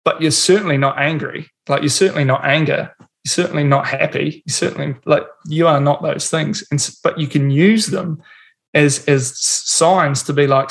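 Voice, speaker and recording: A man's voice: fairly high pitch, moderate pace, vocal fry. A man talking in a blunt, casual way, swearing freely and acting out little scenes as he explains his views. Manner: blunt and swearing, animated storytelling. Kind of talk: casual chat.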